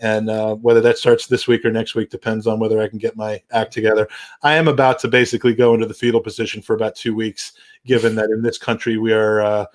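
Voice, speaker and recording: A man's voice: on the low side, little pitch movement, fast talker. A man hosting a casual football podcast, rambling with many restarts and dry, wry humor. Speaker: podcast host.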